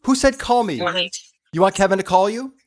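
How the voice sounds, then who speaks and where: A man hosting a live stream, chatting playfully, laughing often and softly repeating short phrases. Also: high voice, brisk. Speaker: livestream host running spirit sessions. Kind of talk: live casual commentary.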